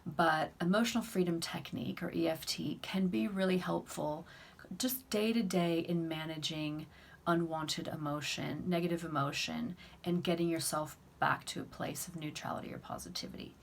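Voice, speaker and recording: Woman, raspy, low-pitched, calm, instructional, self-help coach. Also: moderate pace. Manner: calm, steady explaining with fillers. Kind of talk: instructional talk to camera.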